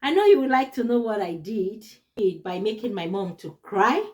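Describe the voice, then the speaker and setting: A woman's voice: mid-range voice, big pitch swings, moderate pace, a little mellow. A young adult woman vlogger telling a personal story to her viewers in a casual way, laughing often and repeating words for emphasis. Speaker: YouTube vlogger.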